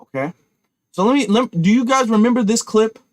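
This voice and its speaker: A commentary channel host delivers emphatic political commentary straight to his viewers, often repeating himself and restarting. His voice is very high and fairly quick. The studio-quality recording has no echo.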